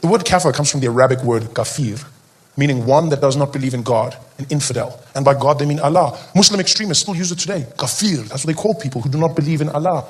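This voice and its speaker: A man's voice: fairly high pitch, fast talker, husky. A South African man doing a stand-up comedy set on stage, rambling and self-interrupting with a playfully provocative edge. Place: comedy stage before a live audience.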